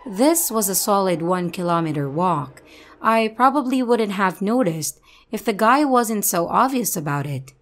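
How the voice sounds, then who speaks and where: A woman reading a viewer's true creepy story aloud, steady and dramatic. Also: mid-range voice, measured pace. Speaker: narrator reading viewer stories. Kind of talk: scripted horror story narration.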